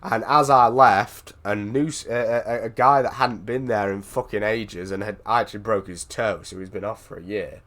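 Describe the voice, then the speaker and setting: A British man chatting casually with a friend, telling an animated story, swearing freely and often restarting his sentences. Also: on the low side, normal speed, few pauses. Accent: British English. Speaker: streamer. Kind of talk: casual chat on a voice call.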